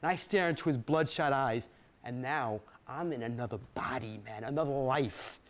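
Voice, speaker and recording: A man's voice: medium pitch, moderate pace. A man giving a dramatic first-person story reading, vivid and streetwise, peppered with "man" and profanity. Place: studio stage reading.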